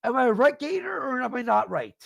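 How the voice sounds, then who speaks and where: A man with a high, gravelly voice rants in fury on a livestream, cursing and hurling insults. He sits close to the mic, and the sound is dry and close. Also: big pitch swings, a little fast, no echo. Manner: angry, profane, shouting insults. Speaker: livestream guest. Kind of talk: heated livestream rant.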